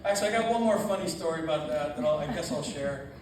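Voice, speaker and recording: Man, animated storyteller, laughs a lot, acts out quotes, far from the mic, very echoey church hall, noisy room. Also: on the high side, fast talker. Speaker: funeral reception speaker. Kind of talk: storytelling at a memorial gathering.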